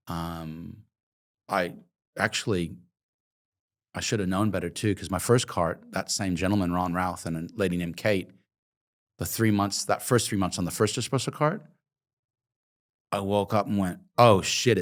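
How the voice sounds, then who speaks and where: A man in his fifties from Oregon, telling his life story in an interview in a reflective, emotional way with many hesitant ums. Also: deep voice. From Oregon, USA. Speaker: guest, coffee company founder.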